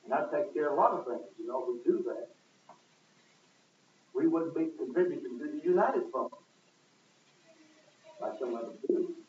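A man preaching a sermon in a church, pressing his points with sudden loud emphasis and swinging his voice up and down. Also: fairly high pitch, expressive, normal speed, long pauses, slight background noise. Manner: emphatic, rising and falling with sudden loud stresses. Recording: echoey, distant, tinny lo-fi recording.

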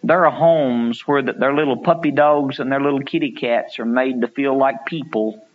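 A man preaching a sermon, telling stories and acting out quotes, climbing to loud pleading peaks. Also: medium pitch, fairly even intonation, normal speed, narrow, tinny audio.

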